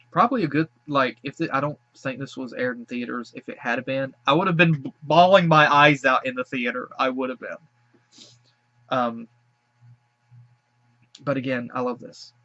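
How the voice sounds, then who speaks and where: A man's voice: medium pitch, a bit bright, muffled recording. A man hosting a reaction video, talking emotionally and gushing with thanks after having cried. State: teary after crying. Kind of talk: casual reaction commentary.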